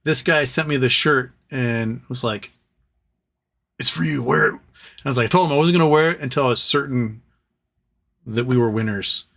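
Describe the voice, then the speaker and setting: A man's voice: medium pitch, a little fast, fairly bright tone. A man hosting a casual livestream, reading viewer messages aloud and joking and rambling between them. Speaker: livestream host reading super chats.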